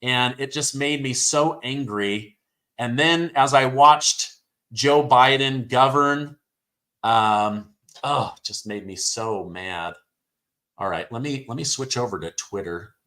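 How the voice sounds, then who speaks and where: A man hosting a live stream, reading headlines aloud and reacting with excitement, his throat sore from hours of talking. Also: mid-range voice, takes it slowly. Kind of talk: live election-night commentary.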